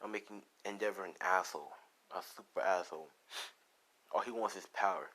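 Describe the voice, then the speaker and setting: A man's voice: deep voice, a little fast, bright, forceful tone. A man casually improvising a fan story aloud, rambling with restarts, asides and swearing. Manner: rambling, profane, lots of "you know" and restarts.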